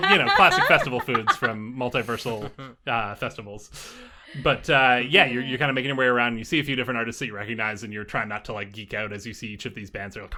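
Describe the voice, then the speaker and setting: A man running a tabletop game. He rambles loosely and uses lots of fillers. His voice is bright and clear. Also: medium pitch. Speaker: game master.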